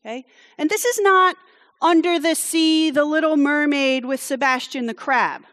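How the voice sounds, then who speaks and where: Woman, from France, high voice, preacher, conversational sermon, chatty with wry asides, long hall reverb. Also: normal speed, a bit bright. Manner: chatty, with frequent "okay?" check-ins and wry asides.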